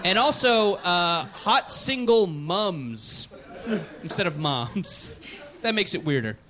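A man's voice: high-pitched, very animated, measured pace, sharp tone. A man hosting a live comedy quiz show on stage, reading out questions and cracking jokes between them. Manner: jokey, reads questions then riffs.

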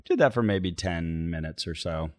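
Low-voiced man in casual podcast chat. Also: moderate pace, dry recording, studio quality. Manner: relaxed, rambling storytelling with many fillers. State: recovering from illness. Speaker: podcast co-host.

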